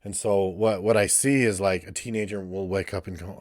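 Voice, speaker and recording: A man's voice: low voice, steady tone, moderate pace, darkish tone, no echo, studio quality. A male counselor giving a blunt, ranting podcast monologue and swearing freely.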